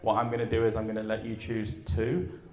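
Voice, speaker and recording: A man speaking at a live event, telling a story and asking his audience questions in an energetic way, then taking questions. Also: lowish voice, fairly quick. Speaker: conference speaker. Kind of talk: live talk and Q and A.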